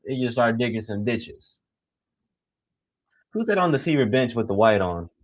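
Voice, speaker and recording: A young man giving casual live play-by-play commentary, excitable and teasing, full of slang. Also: mid-range voice, moderate pace.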